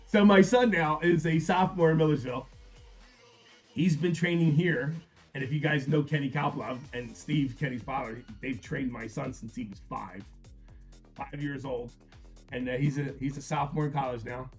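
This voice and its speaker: A man's voice: medium pitch, normal speed, faint music behind. A middle-aged man hosting a live stream, talking casually and bluntly, swearing freely, telling stories and chatting with viewers by name. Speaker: live card-break stream host.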